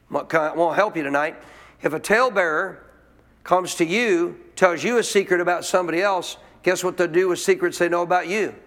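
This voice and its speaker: High-voiced emphatic preacher man. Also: moderate pace, a bit bright. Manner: emphatic, questions the congregation and repeats points. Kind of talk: sermon. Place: church.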